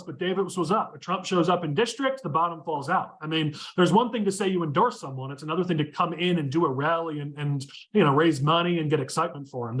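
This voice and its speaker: A man's voice: sits high, a bit bright. Opinionated man hosting a political podcast. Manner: quick, opinionated, leads the talk. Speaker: podcast host. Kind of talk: casual political discussion.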